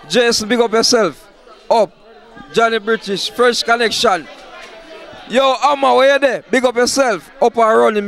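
Brief: high-voiced Jamaican promoter, loud patois shout-outs. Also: male voice. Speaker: party promoter interviewing guests. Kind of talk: shouting out guests at a party.

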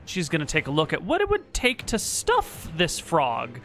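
A man's voice: a little high, huge pitch swings, moderate pace, music in the background. A man playing a tabletop game, playfully narrating what his characters do. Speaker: player.

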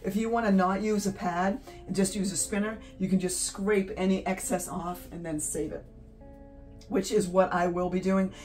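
A woman's voice: medium pitch, fairly even intonation, moderate pace, a little mellow, distant mic. A chatty, giddy woman talks casually as she paints in her home studio, laughing easily between thoughts. She sits a little back from the mic, and faint guitar music plays underneath her voice. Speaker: art channel host. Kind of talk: casual chat while painting.

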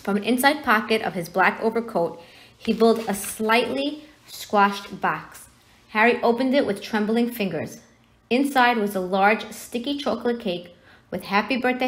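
A woman reading a novel aloud, narrating the story in a steady storytelling manner. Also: medium pitch, moderate pace. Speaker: reader.

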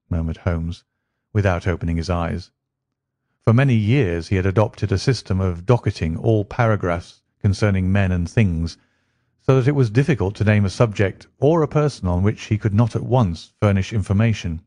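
A man reading a story aloud in a steady, unhurried way as narrator for English learners. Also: sits low, dry recording.

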